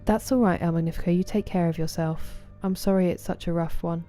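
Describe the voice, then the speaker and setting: A woman with a southeast English accent chats easily with her live viewers while playing, greeting them one by one. Her voice sits fairly low and sounds mellow and relaxed, and soft music plays faintly underneath. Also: a little fast. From southeast England. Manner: chatty and friendly, greeting viewers by name. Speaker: game streamer. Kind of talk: casual chat with live viewers while gaming.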